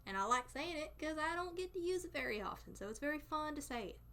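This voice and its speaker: A young woman from North Carolina with a Southern accent, chatting casually with her stream viewers, excitable and laughing often. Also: high voice, quick pace.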